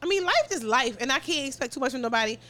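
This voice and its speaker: A woman's voice: high-pitched, fast talker, slight background noise. A woman hosting a podcast, chatting casually in a slangy way and laughing often as she tells stories. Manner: laughing, animated storyteller, slangy. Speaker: podcast host. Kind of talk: casual chat.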